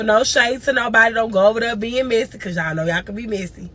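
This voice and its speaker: A woman's voice: a little high, fast, hardly any pauses, fairly bright tone. A grieving woman streaming live, telling a long emotional story and crying at times. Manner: tearful, cries and moans through the story.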